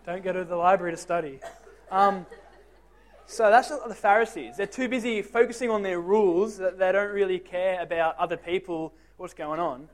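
A man's voice: sits high, normal speed. A young man giving a casual youth group talk, joking and self-deprecating, asking the teens direct questions. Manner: talks straight to the teens with questions.

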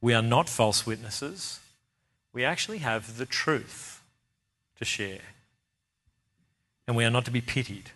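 A man's voice: medium pitch, a little slow, long pauses, a bit bright. Earnest man preaching a sermon. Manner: earnest, emphatic, repeats key phrases for stress.

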